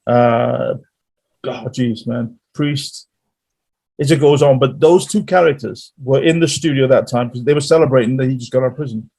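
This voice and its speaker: Male guest musician, rambling storyteller, mid-pitched voice. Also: normal speed, vocal fry, darkish tone, slightly rough. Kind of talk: casual interview chat.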